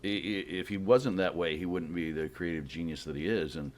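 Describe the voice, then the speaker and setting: A middle-aged man with a very low voice talks in a loose, rambling way. He tells his stories with animation, as a guest in a casual chat. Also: brisk, a crowd in the background. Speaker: guest actor.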